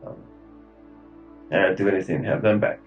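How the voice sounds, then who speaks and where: Grieving man, thirties, lowish voice, halting speech full of fillers, faint music underneath. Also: lo-fi sound. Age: 30s. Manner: halting, grief-stricken, many fillers and trailing pauses. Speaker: interviewee. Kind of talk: recorded police interview.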